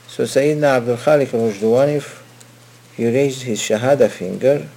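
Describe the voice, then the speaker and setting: A man's voice: lowish voice, creaky, a little mellow, slight background noise. A man preaching to a group, telling a story and asking his listeners questions, with lots of repetition. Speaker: religious teacher. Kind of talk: storytelling sermon.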